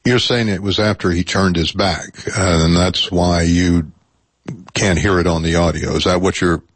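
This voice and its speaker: A man hosting a public radio call-in show, speaking in a measured way with frequent hesitations. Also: sits low, steady tone, breathy edge, no room sound. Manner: measured, hesitant with many uh fillers. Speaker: radio talk show host.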